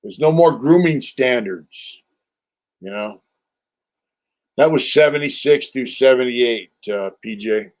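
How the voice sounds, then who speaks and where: A man's voice: medium pitch, slow pace, long pauses. Older man rambling through a streetwise story. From California. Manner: rambling, loose and streetwise, full of fillers and profanity. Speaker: livestream host. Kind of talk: casual storytelling livestream.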